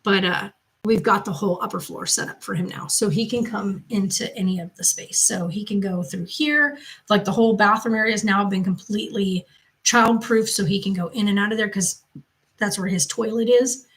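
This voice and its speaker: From her home's loft, a channel host and mother answers comments from viewers in a chatty, wandering way, telling stories loosely. Her voice is mid-range and moderately paced, captured in a low-quality recording.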